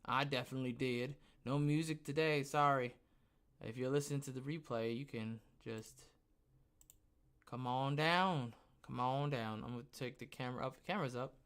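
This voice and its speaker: Still winded after a gym session, this podcast host runs his own livestream with casual chatter, wandering off and talking to himself between subjects. He has a medium-pitched, slightly bright voice with fairly flat intonation and a fairly quick pace.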